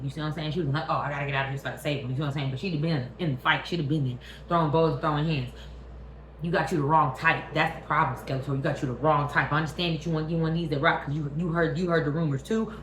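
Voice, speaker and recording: Woman, vlog host, casual profane movie rant, lowish voice, echoey room. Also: a little hiss or hum. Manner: animated, profane, talks straight at the viewer. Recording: roomy echo.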